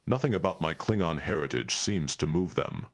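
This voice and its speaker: A man's voice: a bass voice, expressive, normal speed. A man playing a stranded male Klingon alien who speaks stiffly and formally, without contractions, in a tabletop role-play. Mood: earnest. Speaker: player.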